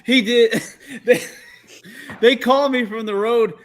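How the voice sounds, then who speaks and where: A man co-hosting a casual podcast, excitable and swearing freely. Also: extremely high pitch, takes it slowly. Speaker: podcast co-host. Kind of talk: casual banter.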